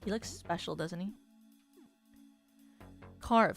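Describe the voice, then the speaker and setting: Young adult woman, casual game streamer, mid pitch, reads on-screen text aloud, laughs and swears easily, soft music behind. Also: animated, a little slow, long pauses. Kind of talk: casual gameplay commentary.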